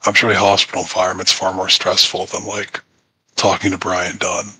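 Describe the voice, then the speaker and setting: A man's voice: sits low, completely flat delivery, brisk, pushed and bright, a little hiss or hum, low-quality recording. A man rambling and needling others in a casual group voice call.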